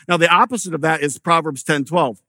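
A man's voice: on the high side, a little fast, sharp tone. A middle-aged male pastor preaching a sermon in a conversational way, telling stories and often restarting his sentences.

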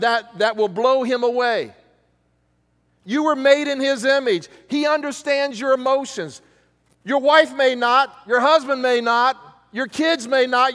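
In a reverberant church hall, a pastor with a very high, fairly bright voice preaches a sermon to his congregation. He speaks emphatically, using rhetorical questions and repetition.

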